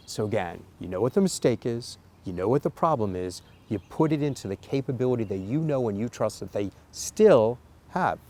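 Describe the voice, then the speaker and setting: A man's voice: mid-range voice, expressive, normal speed, few pauses, darkish tone. A man giving an earnest, coaching talk to parents, stressing key points with emphasis. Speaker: parenting educator. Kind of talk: instructional talk to camera.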